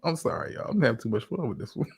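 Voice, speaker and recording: Gravelly, animated male reaction host. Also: mid-range voice, very fast. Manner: laughs often, playful, talks back to the clip. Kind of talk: casual reaction commentary.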